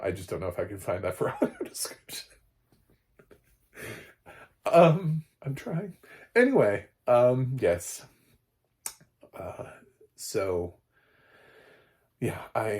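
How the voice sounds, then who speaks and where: A man giving a casual, digressive film review, opinionated and quick to laugh at his own slips. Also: lowish voice, darkish tone. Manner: opinionated, playfully exaggerated.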